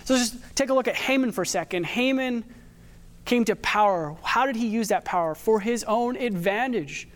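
A man with a high voice gives a sermon, preaching in a relaxed, conversational way. He mixes scripture with everyday stories from his own life. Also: normal speed. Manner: conversational preaching with personal anecdotes. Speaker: pastor.

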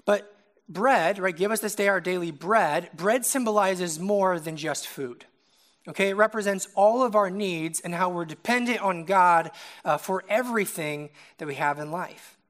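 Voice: mid-range voice, measured pace, fairly bright tone. A young adult preacher giving a casual, conversational sermon, often checking in with the listeners by asking "right?".

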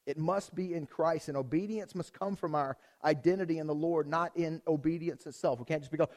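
A man preaching a conversational sermon to his congregation, energetic and speaking to them directly, often repeating himself and restarting phrases. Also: a little high, a little fast, hardly any pauses. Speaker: pastor.

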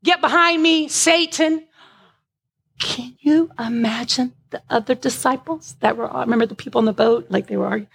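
A woman preaching a sermon, impassioned, at times rising to shouts with a breaking voice. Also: on the high side, brisk, gravelly, few pauses, husky.

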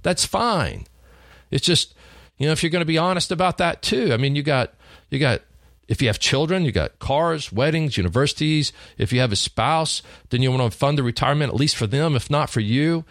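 A man's voice: fairly high pitch, expressive, fairly quick, a bit bright, no room sound, clean studio sound. A middle-aged man with a Texan accent, a sales trainer telling stories in a folksy, emphatic way. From Texas. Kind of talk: storytelling sales talk.

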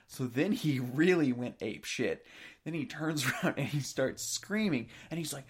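A man telling an anecdote in a casual podcast chat, animated and often laughing as he talks. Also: medium pitch, a little slow, slightly rough. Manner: animated storyteller, laughs through lines.

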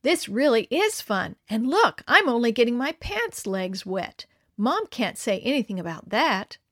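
A woman's voice: a little high, very animated, measured pace, fairly bright tone, dry recording, clean studio sound, heavily acted. A woman voicing a cautious young boy who hesitantly asks his friends for advice. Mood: gleeful. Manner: hesitant, pleading.

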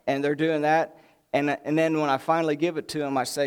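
A man preaching a sermon in an animated, folksy way, with joking asides to the congregation. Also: fairly high pitch, a little fast, clear, resonant tone.

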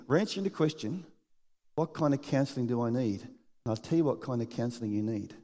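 A man preaching a sermon in a church hall, animated and laughing often as he acts out the people in his stories. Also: mid-range voice, a little fast. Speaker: pastor. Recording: long hall reverb.

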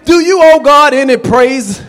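A man preaching a sermon as pastor, shouting and calling out to the congregation. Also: very high-pitched, measured pace. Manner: shouting, preacherly call-and-response.

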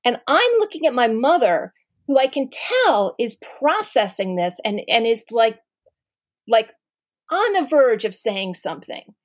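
A middle-aged woman telling a personal family story to an audience, candid and animated, with many ums and restarts. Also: fairly high pitch, a little slow, no room sound, clean studio sound.

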